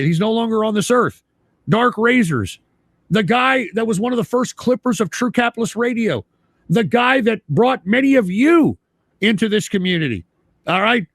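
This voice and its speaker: A man hosting a live stream, talking bluntly with lots of swearing and repetition, rising into shouts when worked up. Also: high-pitched, no echo, clean studio sound. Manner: blunt, swearing, repeats himself. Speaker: livestream host. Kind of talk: profane live stream talk.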